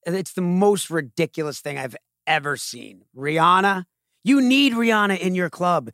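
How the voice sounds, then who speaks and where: A man's voice: high voice, animated, normal speed, a bit bright, no echo, studio quality. A man co-hosting a podcast in casual chat, giving emphatic, indignant opinions. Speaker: podcast co-host.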